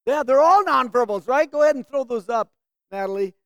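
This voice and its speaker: A woman's voice: high-pitched, expressive, fairly quick, no room sound. A woman leading a Bible class, teaching the group and asking them questions to draw out answers.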